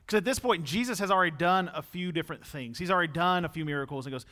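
A man's voice: on the high side, fast talker, pushed and bright. A young man preaching a sermon in a conversational way, rising to emphatic peaks when he drives a point home.

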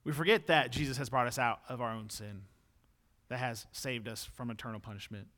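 A man's voice: medium pitch, steady tone, fairly quick, pushed and bright. A young man preaching a sermon in a conversational way, rising to emphatic peaks when he drives a point home.

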